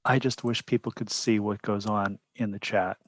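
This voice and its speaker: A man's voice: lowish voice, fairly even intonation, normal speed, dry recording, clean studio sound. A man playing a tabletop baseball game, rolling dice and describing what his character does in first person, sounding amused. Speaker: player.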